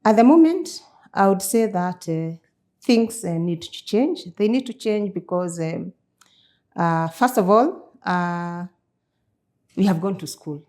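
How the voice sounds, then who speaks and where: A woman talking in an interview, her voice dark and mellow. She speaks very slowly and a little low, pausing often as she weighs each point. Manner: slow, deliberate speech with frequent hesitations. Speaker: chair of a steering committee, guest. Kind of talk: conversational interview.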